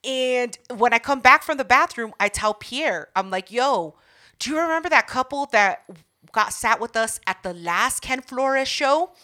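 A woman's voice: on the high side, animated, a little slow, bright, forceful tone. A woman co-hosting a podcast, swearing freely and laughing often as she tells a story in casual chat. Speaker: podcast co-host.

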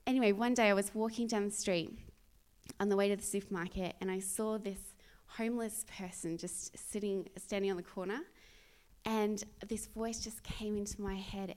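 A woman's voice: medium pitch, steady tone, moderate pace, a little mellow. A young woman preaching a sermon, earnest and conversational, telling a personal story with many restarts and sudden bursts of energy. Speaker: speaker at a church.

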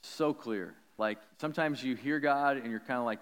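A man of middle pitch preaches, slipping into a loose, conversational storytelling voice full of likes and ums. His voice rings out with a long reverb, as in a large hall. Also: moderate pace, smooth. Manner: animated, chatty, many likes and ums. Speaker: pastor. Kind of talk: sermon told as a personal story.

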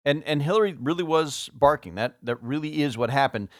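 A man hosting a podcast as a PR consultant, explaining politics in a measured way and posing rhetorical questions. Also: a little high, no room sound, clean studio sound. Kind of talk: scripted podcast commentary.

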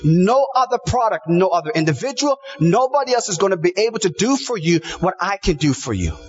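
A man's voice: high-pitched, big pitch swings, a little fast, highs cut off, faint music behind. A man preaching a sermon, emphatic, piling up repeated phrases and quoting scripture. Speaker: pastor.

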